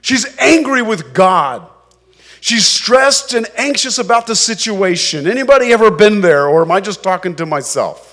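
A male pastor preaching a sermon, slow and emphatic, acting out the people in the story as he goes. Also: sits high, expressive, fairly bright tone.

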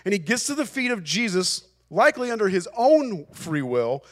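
A man's voice: sits high, big pitch swings, moderate pace. A male pastor preaching a sermon, emphatic and repeating phrases for emphasis.

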